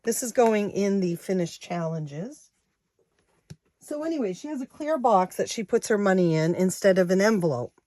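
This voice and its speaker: A woman in her sixties chatting casually to her viewers, counting money out loud as she goes. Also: mid-range voice, lively intonation, moderate pace. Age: 60s. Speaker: savings challenge vlogger.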